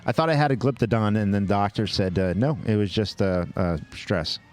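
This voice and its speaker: A man co-hosting a podcast, jokingly rattling through a list of award winners with quick asides. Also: on the low side, a little mellow, faint music behind. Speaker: podcast co-host. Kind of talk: casual chat, reading award lists.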